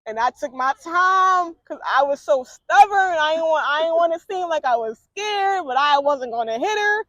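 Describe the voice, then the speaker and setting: A woman with a high voice tells a story in a relaxed, chatty way, playing out each back-and-forth with bursts of laughter. The sound is dry and close. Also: moderate pace, dry recording, muffled recording. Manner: animated, laughing, acts out quotes. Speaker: interview guest. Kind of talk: casual storytelling chat.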